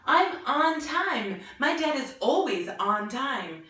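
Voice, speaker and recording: A woman voicing a shy, nervous young girl who speaks softly and hesitantly, heard in an echoey room from far off. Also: high-pitched, big pitch swings, takes it slowly, pitched above the performer's own voice, exaggerated voice. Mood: timid. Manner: soft, timid, hesitant.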